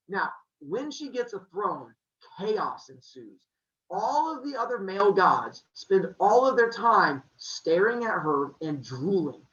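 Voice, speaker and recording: A man's voice: high voice, a little slow, highs cut off. A man telling a myth as a comic story in a casual, jokey way. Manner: casual, jokey, animated retelling.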